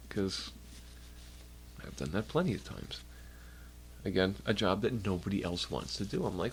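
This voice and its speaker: Young guy streaming from home, rambly and sweary, pitch jumps all over, bit stuffy nose. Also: very animated, moderate pace, pauses often, slight background noise. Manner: rambling, profane, jokey, talks to chat. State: slightly nasal, stuffed nose. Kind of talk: casual chat on a livestream. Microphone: desk mic.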